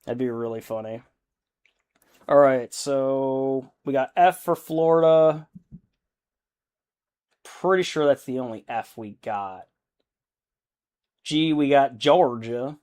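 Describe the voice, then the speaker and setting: During a relaxed live stream, a young adult man speaks slowly and draws out his words in an easygoing, mid-range voice with a darkish tone. He rambles and muses aloud as he paints, often bursting into laughter.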